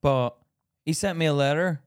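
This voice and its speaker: A young man chats on a podcast, blunt and sweary, breaking into laughter at his own tales. His voice sits a little high. He is recorded close and dry on a podcast mic. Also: moderate pace, smooth, no room sound. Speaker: podcast co-host. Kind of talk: casual chat.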